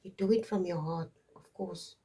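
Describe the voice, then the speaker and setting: A woman with a fairly low, mellow, husky voice speaks at a moderate pace in a steady tone. She's a tarot reader doing a casual tarot and astrology reading for her viewers, drifting off topic and pausing to emphasize her points.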